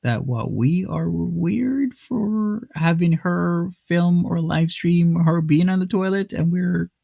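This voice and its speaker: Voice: medium pitch, slow, creaky, dark tone, no room sound. A channel host from Canada giving sarcastic reaction commentary with dry, mocking asides. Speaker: channel host reviewing a video.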